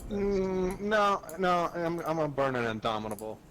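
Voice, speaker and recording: A man's voice: a little high, very animated, moderate pace, fairly bright tone, slight background noise. A man playing a tabletop game, stammering and playful. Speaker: player. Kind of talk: casual tabletop play.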